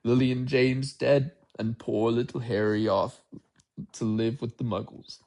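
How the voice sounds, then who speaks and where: Storybook giant, gruff and tender, halting speech , read by a man. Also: medium pitch, steady tone, a little mellow. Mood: tearful. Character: kind giant man, gruff, soft-hearted.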